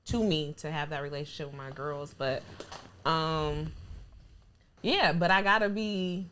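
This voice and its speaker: Female podcast guest, frank and matter-of-fact, bright tone, faint noise. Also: low voice, steady tone, measured pace. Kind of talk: casual chat.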